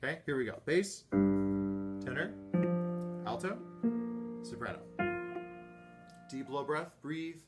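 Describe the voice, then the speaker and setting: A man's voice: medium pitch, sing-song, slow, pauses often, over loud music. A man directing a choir rehearsal over a video call, patiently explaining breaths and vowels and singing lines himself. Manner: patient, counts and sings sung lines himself. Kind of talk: online choir rehearsal instruction.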